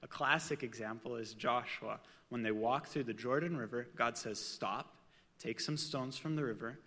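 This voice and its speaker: A man gives a casual sermon, chatting with his listeners and slipping in personal asides. His voice is bright and forceful. It rings out with a long reverb, as if from a large hall. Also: mid-range voice. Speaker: preacher.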